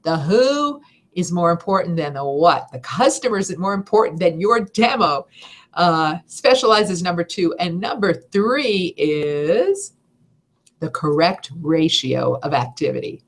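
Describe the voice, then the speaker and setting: Middle-aged female voice-over coach, low-ish voice, energetic and emphatic seminar delivery. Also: a little slow. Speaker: voice-over teacher. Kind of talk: seminar talk.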